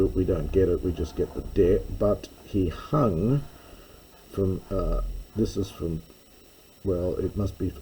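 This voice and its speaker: A man's voice: deep voice, mellow, a little hiss or hum, rough recording. A man teaching a verse-by-verse lesson on Greek scripture, thinking aloud with fillers and self-corrections. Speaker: Bible teacher.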